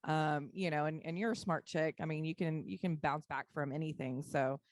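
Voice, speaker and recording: A woman's voice: deep voice, steady tone, normal speed, no room sound. A woman hosting an interview on a video call, encouraging and casual. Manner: friendly, encouraging, uses fillers. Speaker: host.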